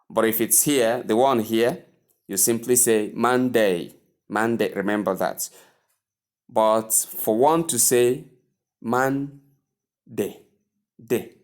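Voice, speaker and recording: A man teaching English pronunciation, speaking deliberately and repeating each word several times for the listener to practice. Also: lowish voice. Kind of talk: pronunciation lesson.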